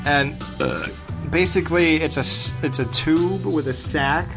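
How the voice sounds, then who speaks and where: A man co-hosting a casual film review podcast, swearing freely as he tells stories in an animated way. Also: a little high, measured pace, music in the background. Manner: profane, animated storytelling. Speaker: podcast co-host.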